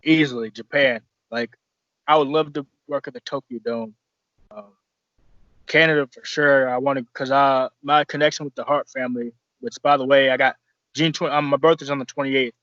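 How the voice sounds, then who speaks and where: Wrestler guest for a podcast, rambling and profane, mid-pitched, dry dull recording. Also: male voice, steady tone, moderate pace, a bit bright, no room sound. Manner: rambling, profane, restarts often. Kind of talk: casual podcast storytelling.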